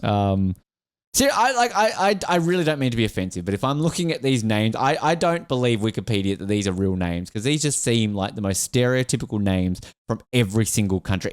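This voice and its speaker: A man's voice: fairly low pitch, very animated, fairly quick, smooth, no room sound, clean studio sound. A man hosting a casual sports podcast, rambling and jokey, laughing often. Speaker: podcast host.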